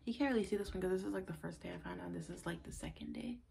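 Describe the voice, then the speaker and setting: A woman's voice: lowish voice, rapid-fire, creaky, a little mellow, slight background noise. Young woman, casual vlog chat, tired, out of breath, lots of fillers, slips into whispers. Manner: chatty, many fillers, often drops to a whisper. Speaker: vlogger.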